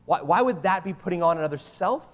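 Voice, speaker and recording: A middle-aged male pastor preaching with lively emphasis, his voice sitting a little high for a man. The sound carries a long reverb from a large church hall, and he keeps tossing rhetorical questions to the room. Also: quick pace. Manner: animated, emphatic, keeps asking "right?". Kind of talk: sermon.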